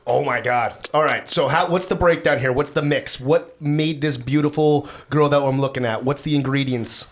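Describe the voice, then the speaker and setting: A man hosting a casual podcast chat, excitable and slangy, with the odd swear. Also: mid-range voice, normal speed, few pauses. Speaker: podcast host.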